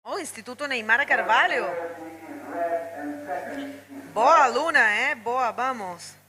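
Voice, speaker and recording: A woman's voice: a little high, measured pace, breathy edge, rough recording. A woman doing live bodyboarding commentary, chatting and greeting viewers. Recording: loud crowd behind.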